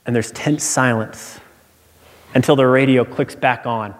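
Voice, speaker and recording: A pastor preaching a sermon in a relaxed, conversational storytelling way that builds to emphatic repetition. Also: male voice, mid-range voice, unhurried. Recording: church hall reverb.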